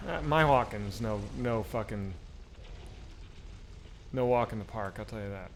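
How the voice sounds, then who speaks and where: A man's voice: fairly low pitch, unhurried, pauses often, a little hiss or hum. A man streaming a video game, chatting casually with viewers and swearing freely as he plays. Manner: animated, swears freely, chats back to viewers. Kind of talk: casual live-stream commentary while gaming.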